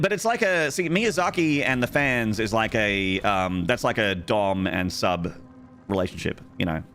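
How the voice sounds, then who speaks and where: A man's voice: fairly low pitch, a bit bright. A young man streaming a game, chatting casually and joking with his viewers in a rambling way. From Australia. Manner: rambling, joking, talks to chat. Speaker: gaming streamer. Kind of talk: casual live-stream chat.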